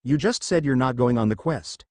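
A man voicing an impatient, tough young woman who speaks slowly and with exasperation. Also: mid-range voice, expressive, a little mellow, no room sound, studio quality, close to an everyday voice. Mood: exasperated. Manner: slow and exasperated.

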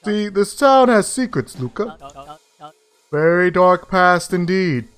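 A man voicing a sly, scheming older male townsman in a smooth, patronizing tone. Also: sits high, lively intonation, takes it slowly, fairly bright tone, faint music behind, pitched above the performer's own voice, exaggerated voice.

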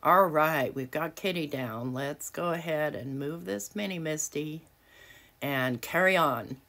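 Low-voiced woman chatting through a craft tutorial. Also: unhurried, fairly bright tone. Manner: chatty, self-deprecating, laughs often. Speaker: craft video host. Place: home craft desk, early morning.

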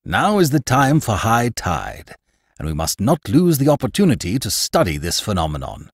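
A sure, lecturing older professor who answers every doubt with calm authority, as a reader puts him on. His low voice moves with lively inflection. The sound is dry and close. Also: normal speed, husky, no echo, heavily acted. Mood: confident. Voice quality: assured, explanatory. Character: confident older male professor, lecturing uncle.

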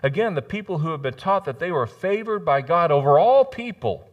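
Animated man preaching a sermon. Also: on the high side, fairly quick, lo-fi sound. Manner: animated, jokey preaching with sudden loud rises and soft drops. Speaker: pastor. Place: church sanctuary.

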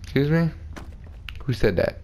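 A man's voice: medium pitch, expressive, a little slow, darkish tone, slight background noise. A man doing casual, crude, joking commentary while playing a video game and talking back to it. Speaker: gamer. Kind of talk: casual let's play commentary.

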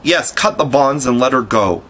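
A man's voice: medium pitch, expressive, normal speed, a bit bright. A man doing a boy faking a pirate captain. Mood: commanding. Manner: commanding, barking orders.

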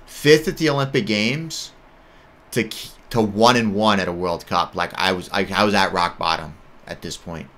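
An American judo athlete in his thirties talks through his own story in a loose, candid ramble, leaning on "like" and "right?". His voice sits low, with a bright, forceful, edgy tone. It sounds like an unscripted monologue. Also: moderate pace.

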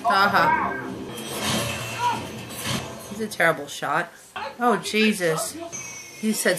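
A woman in her thirties talks slowly and casually at home, drawing out her reactions as she watches a movie. Her pitch sits in an ordinary middle range. The film's soundtrack and music play clearly behind her. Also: lively intonation. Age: 30s. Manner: chatty, drawn-out reactions. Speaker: vlogger.

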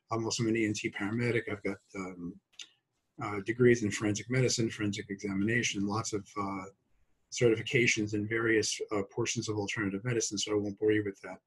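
A man's voice: fairly low pitch, husky, rough recording. A man in his sixties from Brooklyn, a guest doctor talking about his practice in a chatty, joking way with many fillers. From Brooklyn, New York. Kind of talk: casual talk.

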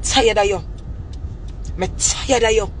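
A woman's voice: mid-range voice, slow pace, slight background noise. A woman with a Jamaican Patois accent delivering an angry, profane, repetitive rant straight to camera. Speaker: vlogger.

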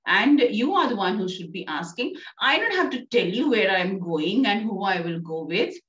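A woman with an Indian English accent reading the part of a stern, sharp-tongued middle-aged mother in a firm, scolding way. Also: medium pitch, very animated, normal speed. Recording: distant, roomy, dull sound.

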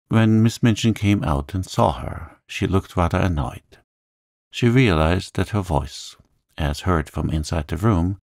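A man narrating a classic novel as a calm, gentle sleep story. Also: low voice, gravelly, dry recording, clean studio sound.

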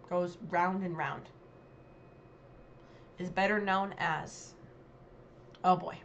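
A woman's voice: lowish voice, steady tone, slow, pauses often, muffled recording, slight background noise. A woman vlogger giving casual commentary on a dialect quiz, chatty and hesitant, with many ums and self-corrections.

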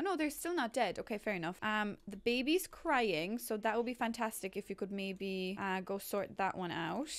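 A woman's voice: fairly high pitch, fairly bright tone. A young woman, casually chatting and laughing as she comments on her life-simulation game and talks to her characters. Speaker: gameplay streamer.

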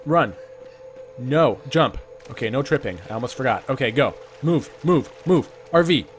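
A man doing gameplay commentary, rambling through an improvised backstory and breaking into panicky outbursts and rapid repeated commands. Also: medium pitch, lively intonation, a little hiss or hum. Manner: playful self-talk, rambling asides. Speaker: let's play gamer.

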